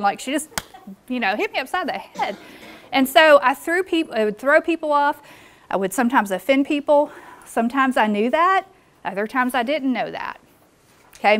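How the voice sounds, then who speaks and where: A woman's voice: on the high side, a bit bright. A woman presenting a live workshop in a meeting room, engaging the audience with questions.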